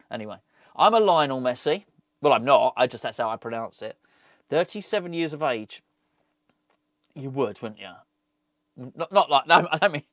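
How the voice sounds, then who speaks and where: A middle-aged man hosts a fan channel, chatting casually by himself about football and drifting into rambling, jokey asides. His voice sits at a medium pitch with a slightly bright quality. The recording is dry and studio quality.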